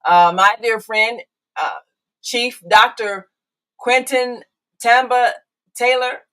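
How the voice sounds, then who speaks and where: A woman's voice: a little high, slow, bright, forceful tone, smooth, rough recording. An older woman hosting a live call-in talk show, chatty, with frequent fillers and restarts. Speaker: show host.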